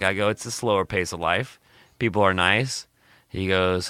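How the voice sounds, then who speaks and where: A young man from Mississippi telling stories in a relaxed chat, saying "dude" often and laughing between lines. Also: low voice, measured pace, smooth, dry recording. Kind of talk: casual storytelling chat.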